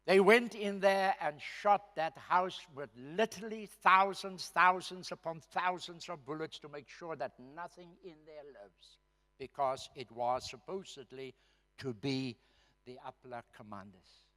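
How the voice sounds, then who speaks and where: Man, South African accent, pastor, storytelling testimony, loud then hushed, reverberant hall. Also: fairly high pitch, unhurried. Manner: storytelling, swings between loud emphasis and near-whispered asides. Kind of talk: testimony in a church service. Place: church hall.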